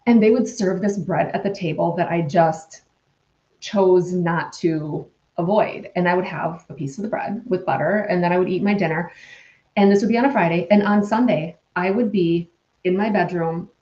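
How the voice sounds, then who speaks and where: A woman in her forties speaks as a podcast guest, earnest and rambling, restarting her sentences as she goes. Her voice is mellow and warm. The recording is roomy and slightly muffled. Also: mid-range voice. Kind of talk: candid personal storytelling. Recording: dull, roomy-sounding remote recording.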